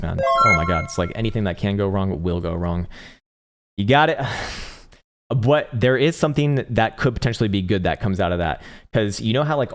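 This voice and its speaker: Profane, rambling male livestream host. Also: on the low side. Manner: rambling, profane, laughs often, searches for words. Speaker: crypto trading livestream host. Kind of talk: casual livestream chart talk and chat replies.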